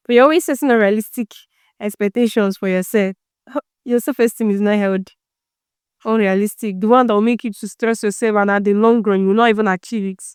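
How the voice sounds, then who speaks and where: A woman's voice: mid-range voice, a little mellow, clear, resonant tone, dry recording, clean studio sound. A woman hosting a motivational self-help talk, preachy and teasing, full of rhetorical questions. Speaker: self-help podcast host.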